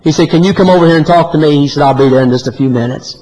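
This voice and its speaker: A man preaching a sermon, swinging from loud high climbs to low quiet drops. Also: very fast, rough recording. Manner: animated preaching, often rising high and loud, then dropping low.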